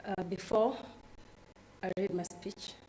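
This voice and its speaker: A woman with a Kenyan accent giving a halting, emotional public speech. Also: mid-range voice, steady tone, dark tone, a little hiss or hum, rough recording. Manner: slow, halting, collecting herself. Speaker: guest of honour giving a speech.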